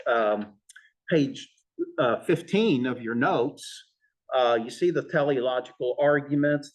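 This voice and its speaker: Man, church class lecture, halting, slow, far from mic. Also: mid-range voice. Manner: halting, with many fillers and restarts. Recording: voice from far off in a room.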